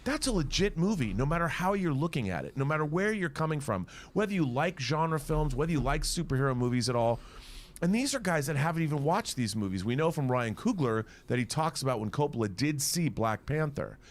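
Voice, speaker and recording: A man's voice: fairly high pitch, lively intonation, a little fast. A man on a podcast giving an impassioned, exasperated rant about films, often repeating words as he gets worked up. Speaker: podcast host in a played clip.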